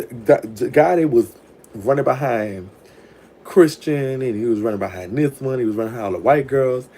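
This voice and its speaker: New guy spilling a story, cussing a lot, mellow soft tone, a bit of hiss. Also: medium pitch. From New Orleans. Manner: frank, profane, chatty, with laughs. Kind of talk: casual storytime monologue.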